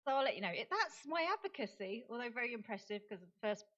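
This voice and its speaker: A woman's voice: on the high side, animated, fast, fairly bright tone. A middle-aged woman from England, an autism campaigner, giving a chatty, self-deprecating talk at a forum with many fillers and restarts. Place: lecture hall. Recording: dull lo-fi recording.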